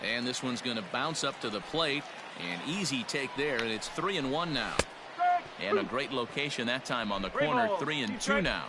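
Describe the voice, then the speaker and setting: A man voicing a video game's play-by-play announcer, calling the action in brisk, lively baseball commentary. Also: medium pitch, heavy background noise, close to an everyday voice.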